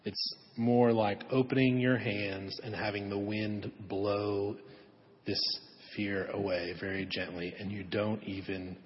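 Gentle low-voiced man preaching in an echoey church. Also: little pitch movement, slow pace, slight background noise. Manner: gentle storytelling, softening to a hush on key lines. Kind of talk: sermon. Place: church sanctuary. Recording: echoey hall, dull lo-fi audio.

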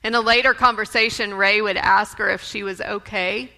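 A woman preaching a sermon in a church, speaking in a measured way and quoting scripture. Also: medium pitch, steady tone, pushed and bright. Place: church sanctuary. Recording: long reverb of a church sanctuary.

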